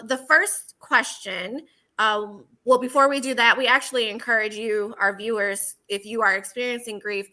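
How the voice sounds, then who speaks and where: A woman hosting a talk show, guiding guests and viewers in a measured way with occasional fillers. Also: fairly high pitch, sharp tone, rough recording. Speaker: host.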